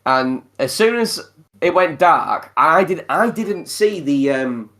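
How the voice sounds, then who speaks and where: A man's voice: fairly high pitch, lively intonation, takes it slowly, sharp tone. Chatty man swearing on a podcast. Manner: chatty, swears a lot, many fillers and restarts. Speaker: podcast host. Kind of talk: casual chat.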